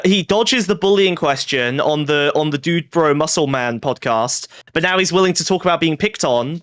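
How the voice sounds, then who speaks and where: A man's voice: fairly high pitch, moderate pace, few pauses, fairly bright tone, no room sound, clean studio sound. A male podcast co-host reacting to a clip with sarcastic, impassioned pleading and swearing.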